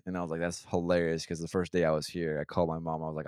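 A man's voice: deep voice, flat delivery, racing, hardly any pauses, clear, resonant tone, dry recording, clean studio sound. A young man telling a rambling, profane story in a casual podcast chat. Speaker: podcast co-host.

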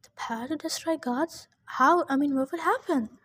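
A woman's voice: sits high, normal speed, a bit bright. A woman voicing a blunt, intense teenage demigod girl. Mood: incredulous. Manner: blunt, questioning.

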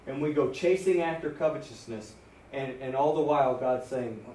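A man preaching a sermon, animated, acting out inner voices and dropping his voice low for emphasis. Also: slight background noise. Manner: animated, acts out inner voices, quickens and drops to near whisper. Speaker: pastor.

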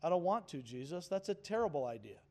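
A man's voice: a little high, sing-song, fast, a little mellow. A man in a sermon voicing his own complaining, reluctant inner self in a petulant tone. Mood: whiny.

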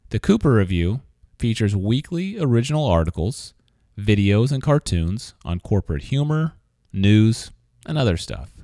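A man hosting a podcast, reading a scripted introduction and then chatting with a guest in a relaxed, conversational way. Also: on the low side, no echo, studio quality. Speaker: podcast host. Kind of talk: scripted narration and casual interview.

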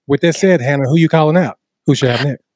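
Fast-talking male podcast co-host. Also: on the high side, darkish tone, no echo, clean studio sound. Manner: brisk, upbeat show-running. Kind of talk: casual interview chat.

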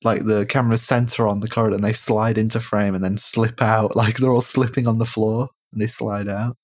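Man, rambling jokey podcast chat, low voice. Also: flat delivery, brisk, a little mellow, dry recording, clean studio sound. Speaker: podcast co-host. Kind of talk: casual film discussion.

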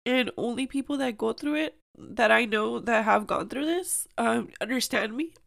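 A woman's voice: a little high, normal speed, creaky, fairly bright tone. A young woman hosting a personal podcast, speaking earnestly and emotionally, with many "like"s and "um"s. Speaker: podcast host.

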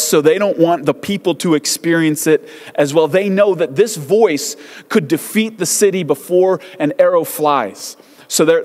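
Conversational male preacher in a reverberant hall. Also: on the high side. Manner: conversational, animated storytelling with frequent restarts. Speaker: pastor. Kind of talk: sermon.

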